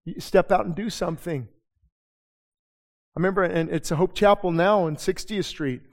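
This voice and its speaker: A middle-aged man preaching a sermon as pastor, emphatic and conversational, with quick asides to the congregation. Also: high voice, long reverb tail.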